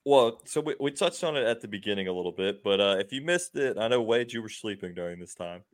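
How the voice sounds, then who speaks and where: Low-voiced man hosting a sports podcast. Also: animated, fast. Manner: upbeat recapping, laughs often, many fillers. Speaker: podcast host. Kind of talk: casual sports chat.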